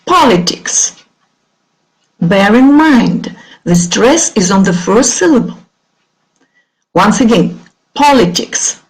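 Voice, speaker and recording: A middle-aged woman with a Russian accent teaching an online English lesson. She speaks clearly and drills words slowly, waiting for pupils to repeat. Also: mid-range voice, animated, darkish tone, rough recording.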